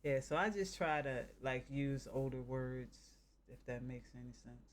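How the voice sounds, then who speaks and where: A man from the northern United States, chatting casually on a live stream and thinking out loud in a halting, rambling way. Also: mid-range voice, steady tone.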